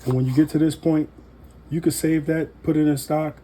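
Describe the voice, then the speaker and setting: Easygoing guy showing knife skills, mellow dark voice, faint noise behind. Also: fairly high pitch, normal speed. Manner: relaxed, folksy, joking asides. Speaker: home cook demonstrating knife skills. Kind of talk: casual cooking demonstration.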